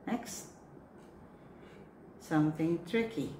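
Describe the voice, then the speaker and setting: Slow, patient woman leading a pronunciation drill. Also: on the low side, sing-song. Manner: slow, patient, spaced-out prompts with long pauses. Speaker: pronunciation coach for church lectors. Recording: echoey room with faint noise.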